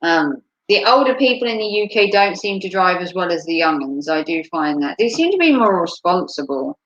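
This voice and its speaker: A woman's voice: lowish voice, very animated, normal speed, muffled recording. Rambling woman live streaming. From United States. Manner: rambling, chatty, frequent "um"s. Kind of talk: casual live-stream chat.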